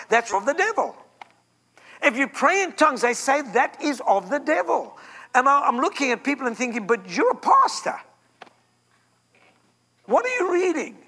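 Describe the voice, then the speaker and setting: A man's voice: very high voice, sharp tone. A man from Africa, preaching a fervent Pentecostal sermon as a guest preacher and repeating lines for emphasis.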